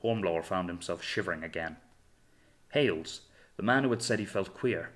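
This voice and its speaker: Low-voiced male audiobook narrator. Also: a bit bright. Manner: measured, dramatic storytelling. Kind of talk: scripted narration.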